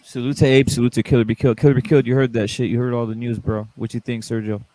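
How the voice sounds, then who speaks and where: Man, energetic chat-show host, ordinary middle voice, casual banter. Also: medium pitch, very fast. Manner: animated, hypes and greets callers.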